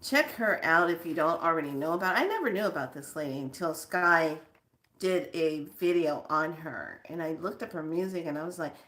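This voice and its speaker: A woman's voice: low voice, animated, moderate pace, fairly bright tone. A woman vlogger chatting casually with her viewers, laughing often and swearing for emphasis. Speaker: spiritual vlogger.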